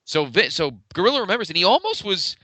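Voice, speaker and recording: Lively, fast-talking podcast co-host man. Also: sits high, dry recording. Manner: enthusiastic, profane, acts out quotes. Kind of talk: casual wrestling recap chat.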